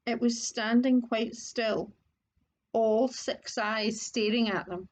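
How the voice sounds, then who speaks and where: A woman reading a children's storybook aloud in a steady way, with occasional slips on words. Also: on the high side. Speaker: audiobook reader. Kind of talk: storybook narration. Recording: dull lo-fi recording.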